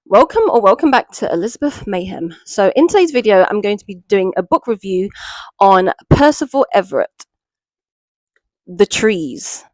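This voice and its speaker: A woman's voice: medium pitch, lively intonation, brisk, a little mellow, dry recording, rough recording. A British woman chatting casually through a book review, with plenty of fillers and asides. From Britain.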